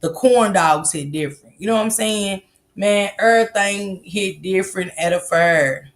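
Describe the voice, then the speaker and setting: Her voice is medium-pitched and moderately paced. A woman from the American South, she hosts a casual livestream where she reads comments, talks loosely, curses freely, and laughs often.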